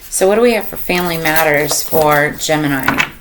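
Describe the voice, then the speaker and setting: A woman's voice: sits low, normal speed, background noise. A woman reading tarot cards for a zodiac sign in a casual, meandering way, thinking aloud with lots of fillers. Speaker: tarot reader.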